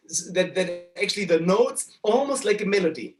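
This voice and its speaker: A man with a high-pitched voice teaches a cello masterclass at a moderate pace, hardly pausing, though he hesitates and restarts often. He sings phrases to demonstrate them while cello music plays in the background.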